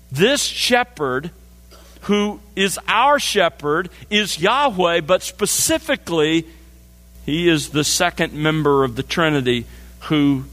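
A man delivers a measured expository sermon, slowing deliberately to stress each key phrase. His voice sits a little higher than most men's. The sound carries a long reverb, as in a large church hall. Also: a bit bright. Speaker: pastor.

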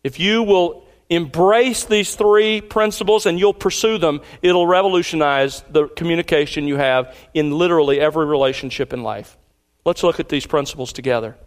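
A man preaching a sermon, deliberate and emphatic, repeating key lines slowly for weight. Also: fairly high pitch. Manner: deliberate preaching cadence with pauses. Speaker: pastor.

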